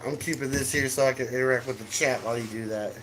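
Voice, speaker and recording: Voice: medium pitch, steady tone, fast, a bit bright, slight background noise. A co-streamer in casual chat, throwing dry teasing jokes back at the storyteller.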